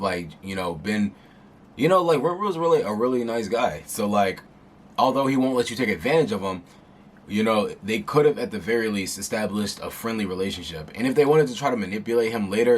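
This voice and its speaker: Animated, slangy man reacting to a manga. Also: on the low side, slight background noise. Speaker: manga reader and commentator. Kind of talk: casual reaction commentary.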